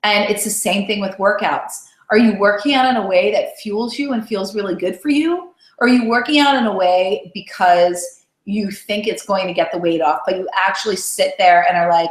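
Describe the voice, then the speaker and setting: A woman's voice: medium pitch, normal speed. A woman weight-loss coach leading a motivational live call. She talks in a chatty, encouraging way and keeps checking in with "right?". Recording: roomy echo.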